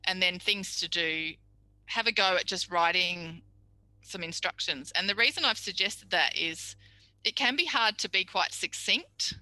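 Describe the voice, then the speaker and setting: A woman's voice: lowish voice, a little slow, bright, forceful tone, no echo, poor audio. A middle-aged woman, a speech pathology tutor giving a chatty, practical tutorial lecture. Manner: chatty, practical, acts out little quoted exchanges.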